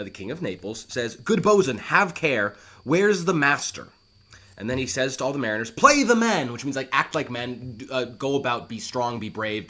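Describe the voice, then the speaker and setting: A man teaching a play line by line, animated and reassuring, who breaks into acted quotes as he explains. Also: mid-range voice. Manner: talks straight to the student, reassuring.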